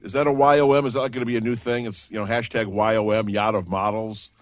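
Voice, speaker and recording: Bantering sports radio host. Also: male voice, on the low side, flat delivery, no echo. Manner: loose, joking banter, quick to interrupt. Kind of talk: casual sports radio talk. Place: radio studio. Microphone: studio microphone.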